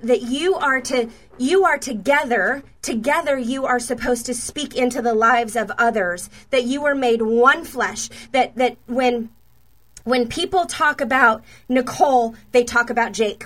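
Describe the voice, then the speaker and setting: A woman's voice: a little high, a bit bright. A woman minister giving spontaneous prophetic words and prayer to named viewers, fervent and repetitive with many stammered restarts.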